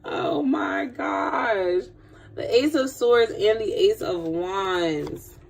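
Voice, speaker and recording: Gravelly-voiced woman reading tarot. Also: medium pitch, very slow, slight background noise. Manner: animated, slangy, laughs often, repeats herself. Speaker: tarot reader. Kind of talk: live tarot reading stream.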